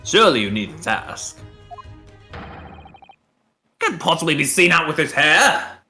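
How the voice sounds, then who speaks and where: A snooty refined gentleman detective, as a streamer plays him, bright, sing-song delivery that swoops up and down. breezy and condescending, brushing everyone off with lofty courtesy. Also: a little high, very animated, unhurried, faint music behind, voice pushed up, exaggerated voice. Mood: haughty. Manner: pompous, dismissive. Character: haughty upper-class male English detective.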